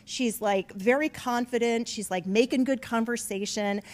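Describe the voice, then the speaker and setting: A middle-aged woman telling a comic personal story to an audience, profane and animated, rising to near-shouts at the punchlines. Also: on the high side, moderate pace. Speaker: author telling a story at a live event.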